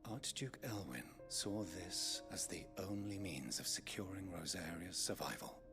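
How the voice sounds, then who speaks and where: An actor playing a loyal, courtly scholar-aide in a video game, speaking with formal deference. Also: male voice, low-pitched, animated, measured pace. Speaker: game character. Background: game music.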